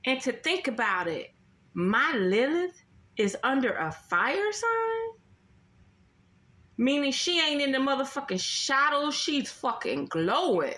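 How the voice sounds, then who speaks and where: A woman's voice: sits high, big pitch swings, takes it slowly, sharp tone. A woman ranting about astrology in a casual vlog, blunt and emphatic, swearing constantly and repeating herself. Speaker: astrology vlogger. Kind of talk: casual profane astrology rant. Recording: roomy echo.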